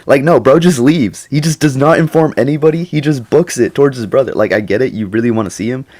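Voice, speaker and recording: A man's voice: mid-range voice, fast talker, a little mellow. A young man giving a casual, slangy movie reaction, rambling and laughing often. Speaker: YouTuber.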